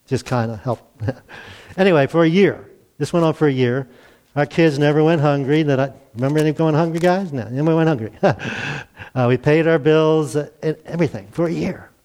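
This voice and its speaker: A man's voice: a little high, fairly quick, a little mellow. A man in his sixties preaching a conversational sermon, acting out the dialogue and chuckling now and then.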